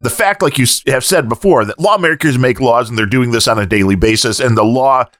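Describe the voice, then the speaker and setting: A man's voice: medium pitch, brisk, fairly bright tone, no room sound, studio quality. A man co-hosting a podcast in casual chat, cracking jokes and jumping in with asides. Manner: wisecracking, jumps in with jokes and asides. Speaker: podcast co-host.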